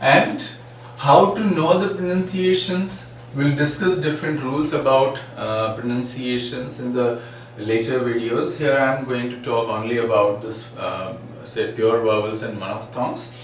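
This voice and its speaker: A man teaching a phonetics lesson, repeating example words slowly and asking "right?" often. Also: mid-range voice, fairly even intonation. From India. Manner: frequent "right?" and "uh, say" fillers. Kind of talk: phonetics lecture. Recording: echoey room, mic at a distance, faint noise.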